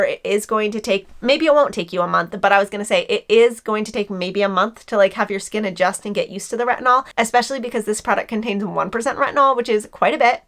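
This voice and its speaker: Young woman, twenties, beauty vlogger; gushing, chatty, excitable; mid pitch. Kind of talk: casual unboxing review.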